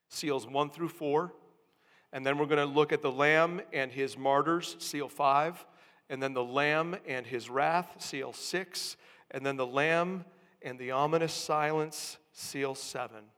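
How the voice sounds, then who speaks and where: A man's voice: a little high, fairly even intonation, measured pace, fairly bright tone. A male pastor preaching a sermon, teaching steadily and building emphasis on key words. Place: church. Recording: long reverb of a church hall.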